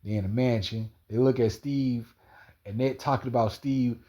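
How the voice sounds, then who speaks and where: A man's voice: medium pitch, fairly even intonation, moderate pace, dark tone. A man rambling through a slangy personal monologue, stumbling, repeating himself and calling an absent person by name. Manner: slangy, repetitive, stumbling retelling.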